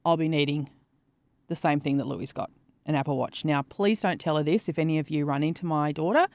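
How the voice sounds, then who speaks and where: A middle-aged woman co-hosting a podcast, chatting casually and telling stories with lively swearing. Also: sits low, fairly quick, dry recording. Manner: animated, swearing storyteller. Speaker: podcast co-host. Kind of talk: casual chat.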